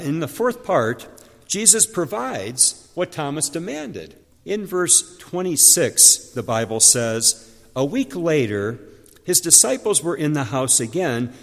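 Earnest male preacher in a reverberant hall. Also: a little high. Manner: earnest, explaining scripture with rhetorical questions. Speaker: pastor. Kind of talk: sermon.

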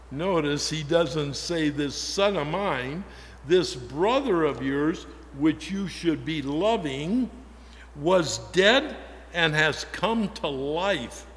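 Speaking a little high with a fairly bright tone, this male pastor delivers a conversational sermon, frequently questioning the congregation. It's recorded in a church with long reverb, plus a little hiss or hum.

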